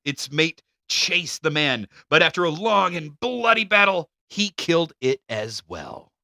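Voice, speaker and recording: A man co-hosting a casual podcast, his voice bright and a little high, swinging up and down as he reads notes aloud and breaks into laughs. The close mic sounds dry and near. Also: sing-song, a little slow, gravelly, no echo. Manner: reads from notes, laughs often, stumbles on names. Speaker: podcast co-host.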